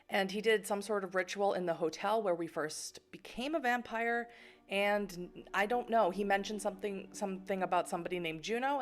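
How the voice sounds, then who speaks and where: A young woman with a medium-pitched voice streams a narrative game, reading its text aloud. She chats playfully, with plenty of fillers and laughter.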